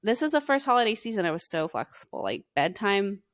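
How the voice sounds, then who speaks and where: A young woman co-hosting a casual mom podcast, telling animated stories. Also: medium pitch, fairly quick, no echo, clean studio sound. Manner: animated storyteller, laughs through her own tales. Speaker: podcast co-host. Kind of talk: casual chat.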